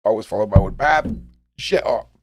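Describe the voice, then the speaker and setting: A Scottish man hosting a live stream, chatting casually with his viewers in a blunt, animated way and swearing constantly. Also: fairly low pitch, normal speed, no echo. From Scotland. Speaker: live-stream host reading chat. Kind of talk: casual rambling chat.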